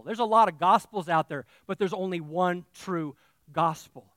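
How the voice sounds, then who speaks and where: A male pastor preaching a sermon, talking straight to his congregation and swinging from quiet asides to loud, emphatic declarations. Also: sits high, moderate pace, dry recording, clean studio sound. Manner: talks directly to the congregation.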